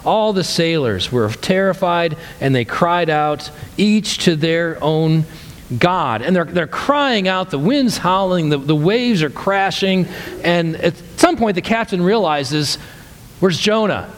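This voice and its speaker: A man pastor preaching a sermon in a conversational, animated storytelling way, often restarting his phrases. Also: high-pitched, slow pace, in a large hall.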